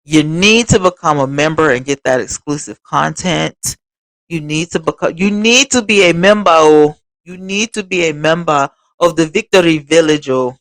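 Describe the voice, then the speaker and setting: Reading viewers' comments aloud, this woman hosts a casual livestream and talks to her audience directly and expressively. She has a deep voice at a moderate pace, and the recording is dry.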